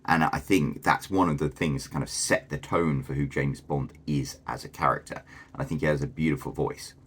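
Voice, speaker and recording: A man's voice: very deep voice, fairly even intonation, a little fast, a bit bright, breathy edge. A man from Britain with a posh English accent, chatting enthusiastically as a video host. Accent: posh southern English. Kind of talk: casual talking-head commentary.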